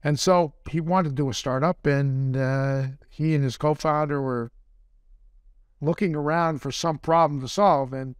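An older man speaking as a podcast interview guest, relaxed and rambling, with a self-deprecating manner. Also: fairly high pitch, unhurried, clean tone, dry recording, studio quality. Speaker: guest, company founder and surgeon.

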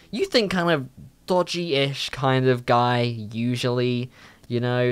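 A young man, telling a story in a casual, animated way and swearing freely. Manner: animated, swears a lot, jumpy pitch. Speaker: vlogger.

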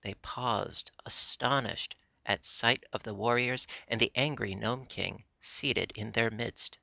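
A man reading a classic children's story aloud as an audiobook narrator, with steady, clear storytelling. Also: lowish voice, unhurried, few pauses, no echo.

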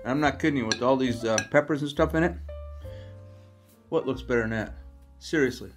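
A man's voice: mid-range voice, a little fast, faint music behind. A man co-hosting a home cooking show, enthusiastically tasting the food and chatting casually, often stumbling and restarting his words. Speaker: co-host. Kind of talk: casual chat. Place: home kitchen.

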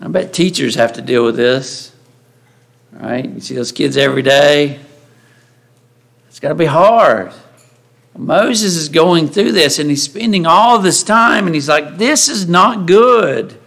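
Conversational preacher man, slightly high voice. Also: expressive, a little slow, gravelly, long pauses, fairly bright tone. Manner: conversational, asks the congregation frequent rhetorical questions; acts out the voices of Bible figures when quoting them. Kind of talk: sermon. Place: church sanctuary.

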